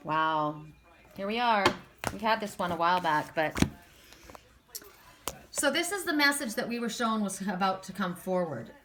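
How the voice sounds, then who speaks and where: A tarot card reader with a mid-range, expressive voice delivers a spiritual card reading to her viewers, speaking to them directly and with passion. She keeps a moderate pace, pauses often and repeats words for emphasis, with a noisy background behind her.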